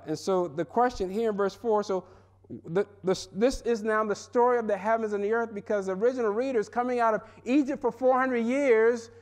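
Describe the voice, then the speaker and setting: High-voiced man preaching with animation. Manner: animated preaching, swings from loud and high to low and quiet. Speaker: pastor. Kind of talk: sermon. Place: seminary chapel.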